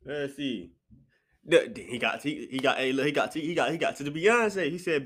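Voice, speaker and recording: A man hosting a casual solo podcast from his apartment, swinging between sudden high exclamations and low mutters. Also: normal speed. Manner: animated, jumps into sharp high outbursts then drops to low mutters. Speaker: podcast host. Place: apartment room.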